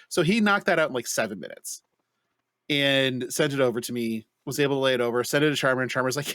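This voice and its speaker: A man co-hosting a podcast, telling a story in casual chat with animated, profane delivery. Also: mid-range voice, fairly quick, no room sound, studio quality. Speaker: podcast co-host.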